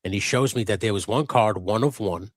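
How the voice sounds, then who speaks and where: A man co-hosting a live stream, telling an animated, profanity-laced story in casual chat. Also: fairly low pitch, a little fast, dry recording, clean studio sound. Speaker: co-host of a live customizing stream.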